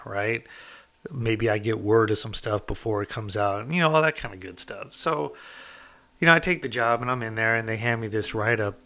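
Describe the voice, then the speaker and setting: A former inmate tells a story casually, his speech loose and packed with fillers like "you know" and "like." His voice is lowish and slightly fast, pushed and bright, with some vocal fry.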